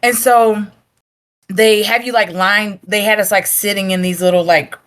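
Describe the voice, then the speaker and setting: A woman's voice: mid-range voice, fairly even intonation, normal speed. A woman in her thirties, a navy sailor guest, telling stories animatedly with frequent laughs and "like" fillers. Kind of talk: casual interview storytelling.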